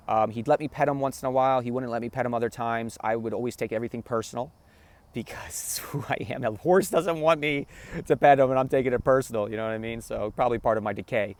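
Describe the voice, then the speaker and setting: A man hosting a spiritual talk, telling a personal story in an earnest, emotional way, repeating phrases and checking in with the listener. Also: mid-range voice. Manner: earnest, repeats phrases, keeps asking "right?".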